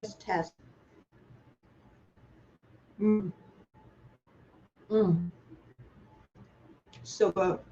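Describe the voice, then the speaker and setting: A woman's voice: medium pitch, fairly even intonation, extremely slow, long pauses, warm tone, highs cut off, a little hiss or hum. A woman from Thailand with a Thai accent, hosting a live online cooking class, chatty and playful, asking viewers questions as she works.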